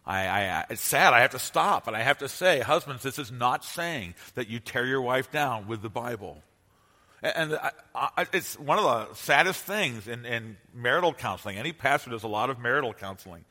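A man's voice: mid-range voice, animated, moderate pace, bright, forceful tone. A man preaching a sermon as pastor, impassioned and emphatic, building to bursts of intensity. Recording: long hall reverb.

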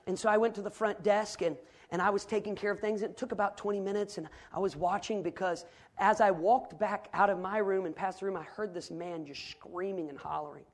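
A middle-aged man delivers a sermon. He tells a personal story in a low, intimate tone, then builds to fervent, loud preaching. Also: steady tone, brisk.

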